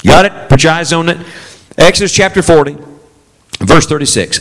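A male preacher delivers an animated sermon, his voice swinging widely up and down as he pushes the congregation to answer him. He sits a little higher in pitch than most men, with rising bursts of emphasis. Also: normal speed, long pauses. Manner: animated preaching with call-and-response.

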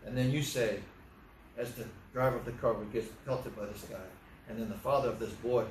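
A man's voice: mid-range voice, a little fast, slight background noise. A man preaching a sermon as pastor, telling stories and briefly acting out the voices in them. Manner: animated storytelling, acts out quoted voices. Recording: echoey room, voice from far off.

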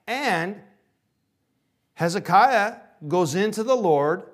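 A man preaching a sermon to his congregation, asking questions and moving between loud emphasis and quiet asides. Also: sits high, lively intonation, takes it slowly. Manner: preaching with rhetorical questions, swinging from loud to hushed. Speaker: pastor.

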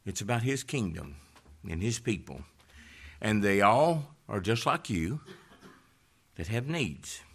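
A man preaching a sermon, rising to loud fervent peaks and dropping to hushed, low emphasis. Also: sing-song, takes it slowly, pauses often, husky.

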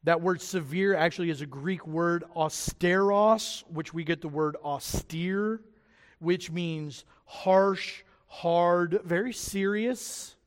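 A man preaching a sermon as pastor, animated and lively, acting out the voices of the people he quotes. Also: high voice, slow, long reverb tail. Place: church sanctuary.

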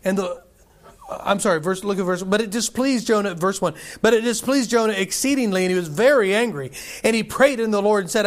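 A man's voice: high-pitched, brisk. A male preacher reading scripture aloud and preaching a sermon emphatically, repeating himself and putting questions to the congregation.

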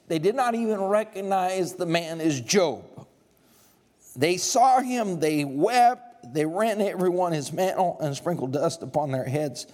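Male preacher, slightly high voice, slow deliberate sermon delivery with big swings. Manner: impassioned preaching, voice rising high and loud, then dropping slow and low.

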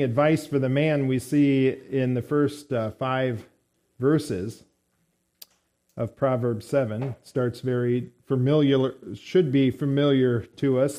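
A male preacher delivers a morning sermon at an unhurried pace. His voice is warm and mellow, and he pauses often and fills gaps as he works through his points. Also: mid-range voice. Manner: measured, halting delivery with fillers.

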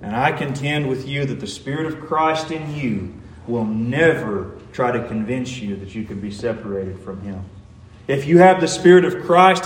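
A man's voice: a little high, slight background noise. A man preaching a sermon, earnest and pleading, pressing each point home with emphasis. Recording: roomy echo.

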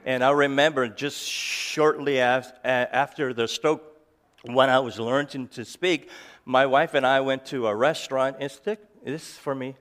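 A man speaks to a live audience in a mid-pitched voice. His speech is halting and slightly slurred, broken by fillers and restarts as he tells jokes and stories. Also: fairly even intonation, fairly bright tone. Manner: hesitant, with frequent restarts and fillers; jokey storytelling. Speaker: ministry founder giving a talk. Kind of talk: personal talk to a live audience.

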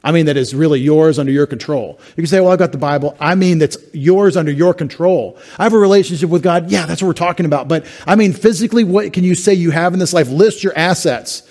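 A man's voice: on the high side, fast talker, hardly any pauses, darkish tone. A middle-aged man pastor preaching an expository sermon, explaining Greek words step by step with wry asides. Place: church sanctuary.

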